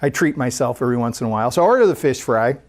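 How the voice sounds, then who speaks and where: Animated storyteller with lively pitch. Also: racing. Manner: conversational, animated storyteller with frequent restarts. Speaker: speaker at a spiritual center. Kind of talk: storytelling sermon.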